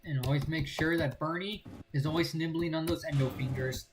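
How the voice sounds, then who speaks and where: A man's voice: a little high, fairly even intonation, a little fast. Casting: young male gaming host, casual playful rambling commentary, faint hiss.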